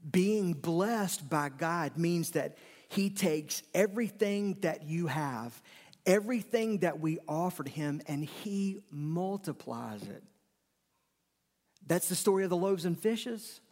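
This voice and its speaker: A man's voice: a little high, expressive, slow pace, a little mellow. A middle-aged man preaching a sermon, conversational, with emphatic repetitions and sudden rises in energy. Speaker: pastor. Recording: long reverb of a large hall.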